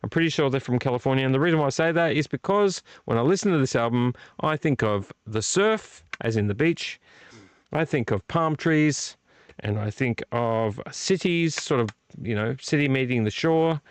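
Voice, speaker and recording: A man with a clear, resonant, mid-range voice hosts a live vlog at a normal pace, with no echo. He chats casually and enthusiastically, rambling, swearing freely and speaking directly to his viewers in the chat.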